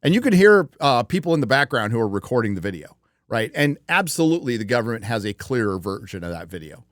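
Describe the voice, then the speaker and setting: A man's voice: medium pitch, sing-song, fast, dry recording, studio quality. A man hosting a livestream show, talking casually in a rambling, profane way with many fillers. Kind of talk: casual chat.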